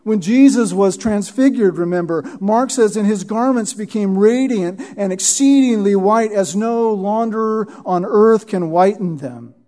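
High-pitched and warm, the pastor's voice carries an expository sermon that moves verse by verse. Along the way he keeps asking "Right?" and repeats words for emphasis.

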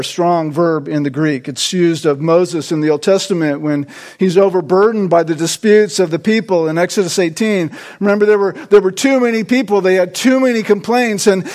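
Guy preaching, pretty high voice, keeps saying right? to the crowd, emphatic. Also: moderate pace, darkish tone. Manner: emphatic, repeats "right?" to draw in listeners. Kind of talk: sermon.

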